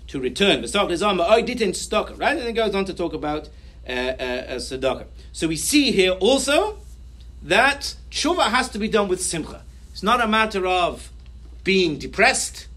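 Bright, high-voiced rabbi teaching. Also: male voice. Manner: reads Hebrew sources aloud, then explains them in English; animated, acts out people's reactions. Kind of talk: Torah talk to a congregation.

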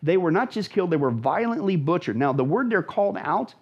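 Husky, animated preacher man. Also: sits high, fairly quick, highs cut off. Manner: emphatic, dramatic, repeats phrases for stress. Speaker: pastor, guest. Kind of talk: animated Bible teaching in conversation.

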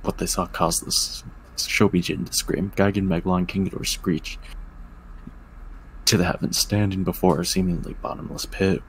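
Deep, gravelly man reading a story aloud. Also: level tone, moderate pace, slight background noise, low-quality recording. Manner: joking asides, stumbles on words. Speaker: story reader.

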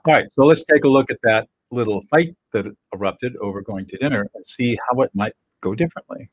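Older male teacher, husky voice, earnest and direct, dry close sound. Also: mid-range voice, a little fast, no room sound, rough recording. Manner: earnest, plain-spoken, sure of himself. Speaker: presenter teaching emotional skills. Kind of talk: direct-to-camera teaching talk.

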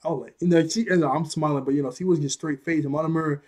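A man's voice: on the high side, fairly even intonation, fast talker, darkish tone. Rambling young man recapping anime. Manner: rambling, chatty, frequent restarts and laughs. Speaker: anime vlog host. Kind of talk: casual retelling of an anime scene.

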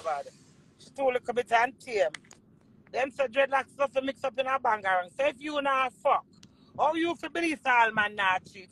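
A woman's voice: a little high, rough recording. A woman with a Jamaican accent delivering a heated, profane monologue full of repeated curses. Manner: heated, profane, repetitive cursing. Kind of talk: angry ranting monologue.

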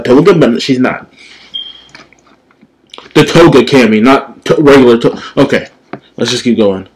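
Young dude reacting to manga, swears a lot, gets hyped, mid-pitched voice. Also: male voice. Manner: profane, excitable, says dude a lot. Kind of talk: casual reaction commentary.

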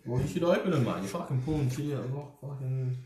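A man's voice: medium pitch, expressive, fast, a little mellow, a little hiss or hum. A young Australian man co-hosting a card-opening video, heckling his mate with crude banter and a "mate" on every line. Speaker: card-break co-host. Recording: roomy echo.

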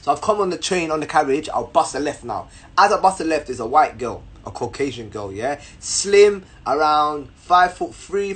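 A young man telling a story to camera in an animated, slangy way, repeating words as he goes. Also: a little high. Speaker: vlogger.

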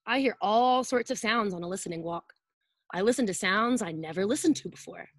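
A woman's voice: mid-range voice, expressive, fairly quick, dry recording. A woman preschool teacher reading a picture book aloud to children over a video call, playfully acting out sound effects and asking them to join in.

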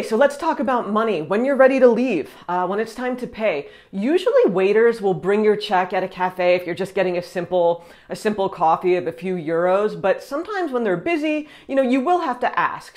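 A woman giving casual, friendly tips in a travel vlog, dropping in short French phrases. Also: medium pitch. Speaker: travel vlogger.

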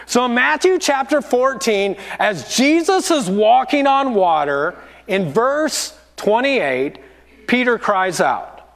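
A man's voice: extremely high pitch, sing-song, slow pace, fairly bright tone. A man, a lead pastor, preaching a sermon in a church auditorium and acting out the voices in his stories. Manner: storytelling, acting out quoted voices.

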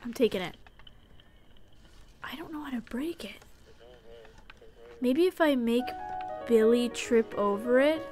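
A woman streamer giving playful, chatty commentary while she plays a game, going from sudden yelps to hushed whispers. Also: a little high, animated, slow, long pauses, soft background music. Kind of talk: casual gameplay commentary.

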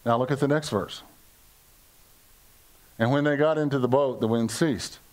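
A man's voice: medium pitch, moderate pace, a little mellow. An older American man preaching a conversational sermon to his congregation, joking, asking questions and acting out quoted lines in playful voices. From United States. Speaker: pastor. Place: church service before a congregation.

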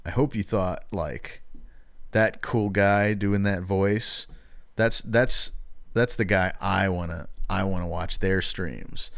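A man's voice: sits low, fairly even intonation, slow, gravelly. A male streamer wrapping up a live stream in casual, self-mocking chat, his throat a little strained. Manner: reads viewer messages aloud in exaggerated put-on voices.

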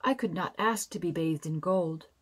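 A woman voicing a sweet, timid young girl in a bedtime storybook, speaking high and soft. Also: moderate pace, slightly rough.

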